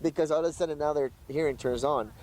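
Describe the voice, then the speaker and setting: A man in a casual podcast chat, explaining dog training in an animated way, acting out little voices and using many fillers. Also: fairly high pitch, fast, background noise.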